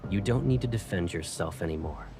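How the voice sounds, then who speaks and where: A cool, commanding young colonel speaks in calm, clipped lines with a fairly low voice. Game music plays clearly under him. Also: male voice, fairly quick. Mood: cold. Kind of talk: game voice acting.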